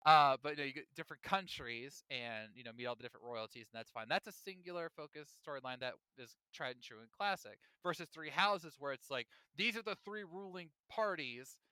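A man co-hosting a casual gaming podcast, animated and chatty, often restarting his sentences. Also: on the high side, a little fast, hardly any pauses, smooth, no room sound. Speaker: podcast co-host.

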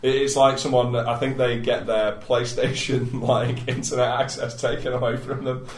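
A man trades jokes in a casual chat among friends, laughing often and letting his voice sink to a mumble as sentences trail off. His pitch sits in a middle range, and the room around him is echoey. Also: flat delivery, normal speed. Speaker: podcast co-host.

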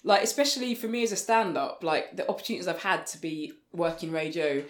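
A woman's voice: lowish voice, expressive, a little fast, roomy sound. A woman, a stand-up comedian hosting, joking and teasing her guest in casual chat. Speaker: stand-up comedian, podcast host.

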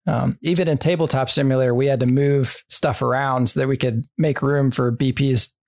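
A man co-hosting a podcast, talking through board games in a measured, thoughtful way. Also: mid-range voice, fairly even intonation, a little mellow. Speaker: podcast co-host. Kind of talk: casual board game chat.

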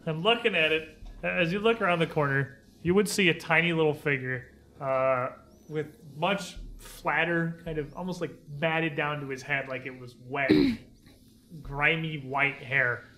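A man narrating a tabletop game as game master, describing scenes in a halting way with fillers. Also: on the high side, sharp tone.

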